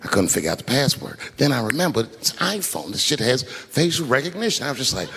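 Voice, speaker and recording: A male stand-up comedian telling stories on stage in an animated, profane way. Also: mid-range voice, fast. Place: live comedy venue. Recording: reverberant hall with noisy ambience.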